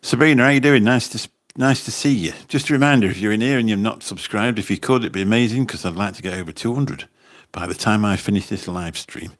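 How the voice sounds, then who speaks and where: With a fairly low pitch, he talks fast and barely pauses at all. He's a livestream host and taxi driver going through comments in a casual, rambling phone chat, repeating his words often.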